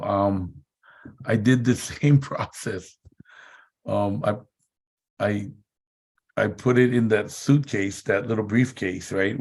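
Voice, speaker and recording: A man's voice: on the low side, vocal fry. A man giving a motivational seminar talk, telling chatty anecdotes and laughing often. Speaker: seminar speaker.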